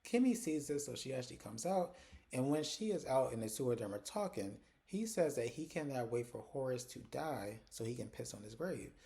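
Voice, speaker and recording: A man's voice: mid-range voice, lively intonation, moderate pace, creaky, warm tone. A man hosting a casual recap of TV episodes, chatty and conversational, retelling scenes with lots of "like". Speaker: TV recap host.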